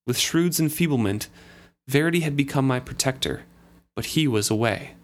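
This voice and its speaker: A man co-hosting a casual book discussion. He recaps the plot and reads long passages aloud. His delivery stays relaxed and conversational. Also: mid-range voice. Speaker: book podcast co-host.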